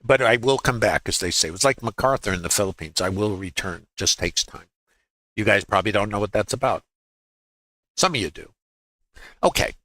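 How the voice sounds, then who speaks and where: A lowish male voice, pushed and bright, comes through a laptop mic with no room sound; he talks a little fast but leaves long pauses. He's a Brooklyn-accented trading educator on a livestream, folksy, asking rhetorical questions and throwing in quips.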